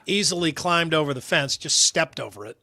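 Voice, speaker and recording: Man, co-host, high-pitched, dry close mic, animated storytelling. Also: brisk, no room sound. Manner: storytelling, animated, does funny voices. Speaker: radio co-host. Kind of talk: casual sports talk.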